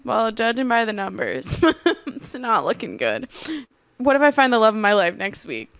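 Lively, giggly woman. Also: on the high side, moderate pace, creaky, smooth, dry recording. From Boston, USA. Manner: self-deprecating, giggly. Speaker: podcast co-host, stand-up comedian. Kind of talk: casual chat.

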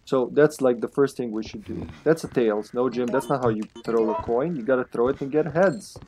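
A man live-streaming a video game, chatting casually, laughing often and greeting viewers loudly by name. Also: medium pitch, fairly quick, faint music behind.

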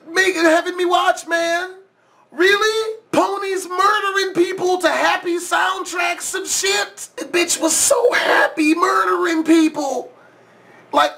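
A man hosting a reaction video, shouting profane exclamations and laughing as he comments. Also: very high-pitched, takes it slowly, creaky.

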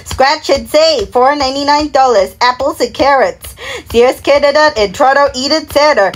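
A woman with a high voice, speaking at a moderate pace over soft background music, recreates a TV commercial break on her own. She rambles through slogans and product names in slurred, half-mumbled words, humming and singing the jingles as "da da."

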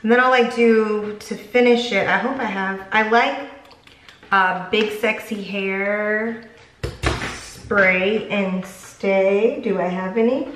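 A woman's voice: medium pitch, noisy background. A young woman chatting casually through a hair tutorial at home, rambling and poking fun at herself. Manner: chatty, rambling, self-mocking. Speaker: beauty vlogger. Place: home room. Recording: echoey room.

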